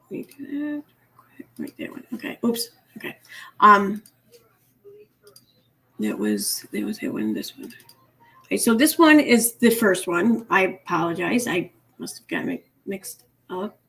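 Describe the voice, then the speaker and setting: A woman's voice: medium pitch, sing-song, a little slow, long pauses, fairly bright tone. A woman hosting a reaction commentary, blunt and sarcastic, swearing freely. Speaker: commentary host.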